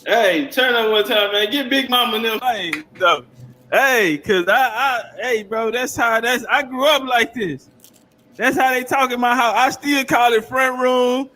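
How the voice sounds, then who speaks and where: A man reacting to a clip in casual, rambling, profane commentary, loud and laughing often. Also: very high-pitched, measured pace. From South Carolina.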